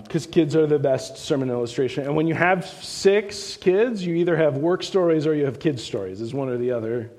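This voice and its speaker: A man's voice: medium pitch, warm tone. A middle-aged man giving a sermon, telling stories in a loose, chatty way with frequent restarts, his voice rising as a story builds. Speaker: visiting speaker on church missions. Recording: long reverb of a large hall.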